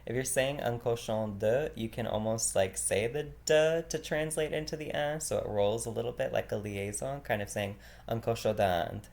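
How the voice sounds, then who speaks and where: A man from the United States with a gravelly edge to his voice leads a casual vocabulary lesson. He talks in a relaxed, chatty way, repeats each new word slowly several times and laughs now and then. His pitch sits in a middle range. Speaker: language teacher.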